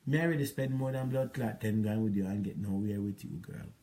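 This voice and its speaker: A man's voice: lowish voice, a little fast, mellow. A man with a Jamaican accent, ranting at an ex-partner in a rambling, repetitive, scolding monologue. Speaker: relationship advice vlogger.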